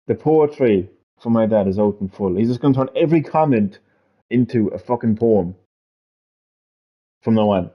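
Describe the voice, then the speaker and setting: Rambling low-voiced man streaming. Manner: rambling, repeats phrases, swears freely. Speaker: gaming live streamer. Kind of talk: casual live-stream chat. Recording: dull lo-fi stream audio.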